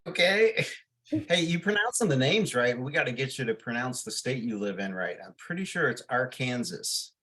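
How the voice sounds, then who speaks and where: A man's voice: medium pitch, lively intonation, brisk, fairly bright tone, breathy edge. A man on a podcast panel, joking around, laughing often and plugging his show. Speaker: panel regular, show organizer. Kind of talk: casual panel chat.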